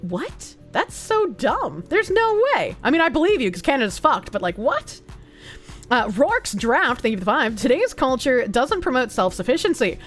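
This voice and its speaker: A woman streamer whose high, bouncy voice leaps up and down as she chats through donations, cursing with ease. Her speech is casual and animated, and faint music plays in the background. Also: moderate pace. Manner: lively, swears casually, gasps and sings snippets. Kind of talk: casual livestream chat reading donations.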